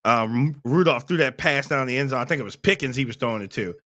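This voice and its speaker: Bright lively man on a sports podcast, laughs a lot, acts stuff out. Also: mid-range voice, fast talker, highs cut off. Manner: animated, laughs loudly, acts out scenes. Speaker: podcast co-host. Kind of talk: casual sports chat.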